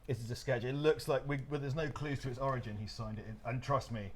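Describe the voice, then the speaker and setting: A man's voice: medium pitch, steady tone, fast talker. English man, sweary enthusiastic streamer, light noise. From England. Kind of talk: casual chat.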